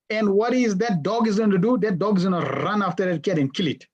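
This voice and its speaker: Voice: medium pitch, lively intonation, quick pace, hardly any pauses, darkish tone, highs cut off. A teacher running an interactive online class over a video call, asking the students questions and repeating their answers back.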